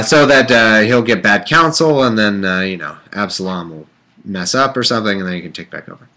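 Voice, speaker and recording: Bright-voiced man, joking Bible reading. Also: on the low side. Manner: irreverent, joking asides between scripture passages; rambling with many fillers and restarts. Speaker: podcast host reading the Bible aloud. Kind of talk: casual livestream commentary and reading.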